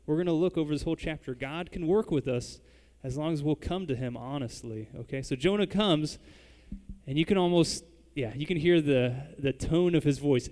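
A man delivers a sermon in a relaxed, conversational way, talking straight to his listeners. His voice sits a little high for a man. A long reverb trails behind him in the church hall. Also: moderate pace. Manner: conversational, addresses the congregation directly. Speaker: pastor.

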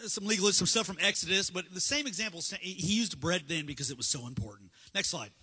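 A high, bright male voice with a husky edge delivers a relaxed, conversational sermon, acting out little exchanges as he goes. The sound carries a long hall reverb. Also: fast talker. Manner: casual, conversational, acts out dialogue. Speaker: preacher. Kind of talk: sermon with slides.

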